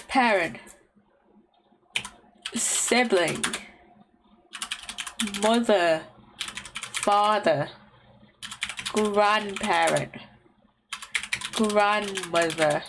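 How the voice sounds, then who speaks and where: A woman's voice: mid-range voice, drawn-out words, vocal fry, pauses often, background noise. A young woman streaming a word-guessing game, swearing constantly and thinking aloud as she tries out guesses. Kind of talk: casual game commentary. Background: faint lo-fi music.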